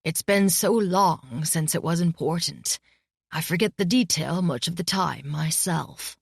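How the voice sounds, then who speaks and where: A gruff old bearded mentor, as a woman voices him, speaking in a slow, firm and gently sorrowful way. The delivery is dry and close, from an audiobook reading. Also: fairly low pitch, dry recording, exaggerated voice. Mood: grave.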